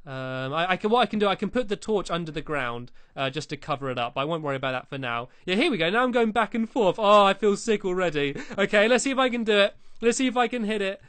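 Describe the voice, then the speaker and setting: A let's-play creator giving casual, chatty commentary while building in a game, playful and teasing, often breaking into excited squeals. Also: medium pitch, fast talker, few pauses, no room sound.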